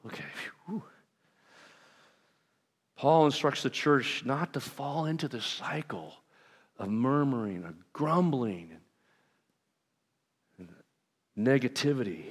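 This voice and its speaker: A man preaching a sermon as pastor, talking to his congregation in a conversational, self-deprecating way with lively asides. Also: medium pitch. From Southern California. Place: church sanctuary. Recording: long reverb of a large hall.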